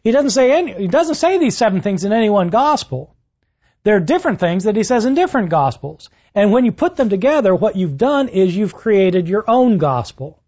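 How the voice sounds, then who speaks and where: Animated male lecturer, lively pitch. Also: brisk, highs cut off. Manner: animated storytelling, rises for quotes, frequent "uh" fillers. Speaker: lecturer on the gospels. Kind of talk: university-style lecture.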